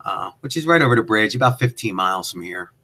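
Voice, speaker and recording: A man in his fifties with a Philadelphia accent, chatting excitedly as a livestream guest, laughing often and restarting his sentences. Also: lowish voice, fast talker, vocal fry. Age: 50s. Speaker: guest drone pilot. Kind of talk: casual livestream chat.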